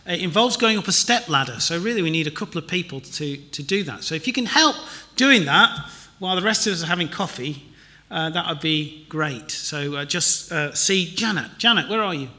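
Bright, high-voiced preacher. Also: male voice, animated, normal speed. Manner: chatty and self-deprecating, wry asides. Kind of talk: sermon with notices. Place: church.

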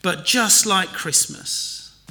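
A man's voice: sits high, takes it slowly, bright, forceful tone, a little hiss or hum. A man giving a chatty church sermon and notices, with wry, self-deprecating asides. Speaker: preacher.

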